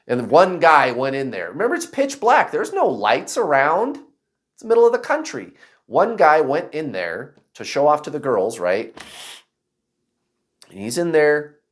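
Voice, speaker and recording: A man casually telling a personal story to camera, acting out other people's voices and shouts. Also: mid-range voice. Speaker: vlogger.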